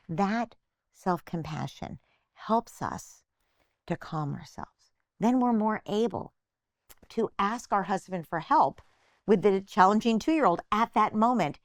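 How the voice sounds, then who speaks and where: Speaking slowly and expressively at medium pitch, an older psychotherapist gives patient parenting advice as an interview guest, acting out small imagined phrases. The recording is dry, with clean studio sound.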